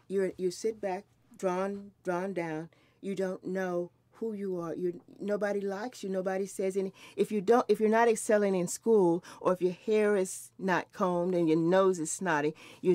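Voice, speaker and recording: A woman's voice: fairly low pitch, mellow, dry recording. A woman in her seventies, recalling her mother and grandmother in an earnest, reflective way, often restarting her sentences. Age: 70s. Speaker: interviewee. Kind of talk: recorded oral history conversation.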